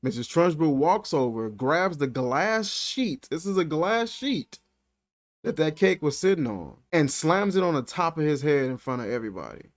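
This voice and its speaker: Animated man reviewing a movie. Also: a little high, normal speed. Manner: animated, incredulous, slangy. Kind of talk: casual film commentary.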